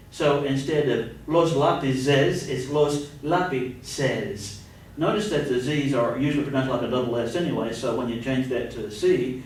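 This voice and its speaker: A male teacher gives a grammar lesson in a slow, deliberate way, stopping to spell words letter by letter. His voice sits back from the mic and rings around a strongly echoing room. A faint low rumble runs beneath it. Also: recorded from a distance. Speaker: Spanish teacher. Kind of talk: recorded grammar lecture.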